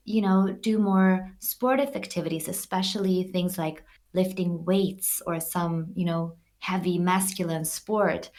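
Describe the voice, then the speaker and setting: Earnest woman podcast co-host. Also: lowish voice. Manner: earnest, animated storytelling with acted-out quotes. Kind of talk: casual podcast conversation.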